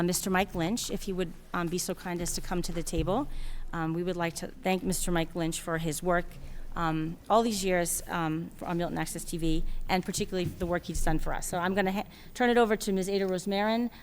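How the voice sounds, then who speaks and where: A woman's voice: fairly low pitch, fairly even intonation, fairly quick, a little hiss or hum. A woman chairing a school committee meeting, polite and a little hesitant, with many fillers. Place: meeting room.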